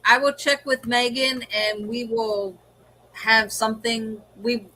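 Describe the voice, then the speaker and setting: Lady host chatting on a livestream, bright tone, bit of noise behind. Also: medium pitch, rough recording. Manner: explaining, rambling with restarts. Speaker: host of a live stream. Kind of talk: casual chat.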